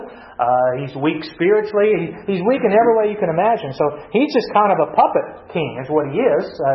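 High-voiced man teaching scripture. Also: echoey room, dull audio. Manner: conversational, questions the class, reads scripture aloud. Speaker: pastor teaching a Bible study. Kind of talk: expository Bible teaching.

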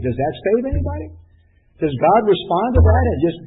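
A man's voice: high voice, fast talker, husky. A man preaching a conversational sermon, who keeps asking rhetorical questions and hammers his points home. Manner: rhetorical questions, animated and emphatic. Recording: tinny phone-like sound.

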